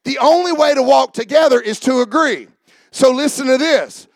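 A high-pitched, gravelly male preacher rouses the congregation with questions and shouted lines. The sound is dry and close. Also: normal speed, no echo. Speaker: pastor. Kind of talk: sermon.

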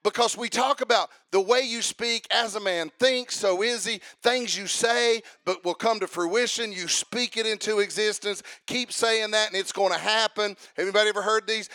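A man with a somewhat high voice preaches a sermon in a conversational manner and keeps asking his congregation questions. He builds to a louder, more emphatic delivery. The recording is dry and close. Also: moderate pace, few pauses, dry recording. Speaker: pastor.

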